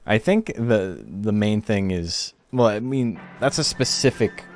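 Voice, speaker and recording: A man's voice: on the low side, lively intonation, unhurried, a little hiss or hum. A man streaming a game tournament, chatting casually and rambling in a laid-back way, swearing now and then.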